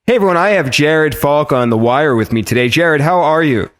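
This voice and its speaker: A man's voice: on the high side, a little fast. A man hosting a podcast, introducing his guest and asking questions in a chatty, casual way. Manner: lively, chatty, with fillers and restarts. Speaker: podcast host.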